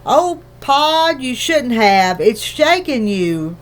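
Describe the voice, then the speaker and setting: Fretful little mother borrower, fussy and dramatic, pitched high and read slow, a woman reading. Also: big pitch swings. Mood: worried. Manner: fussing, dramatic, easily upset. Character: fretful tiny mother borrower, anxious and tearful.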